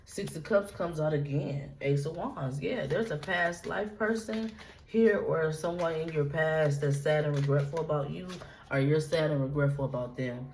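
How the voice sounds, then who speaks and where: A woman's voice: low voice, moderate pace, darkish tone, slight background noise, poor audio. A woman giving a casual tarot reading, talking straight to her viewers in a loose, repetitive, profane way. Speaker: tarot reader.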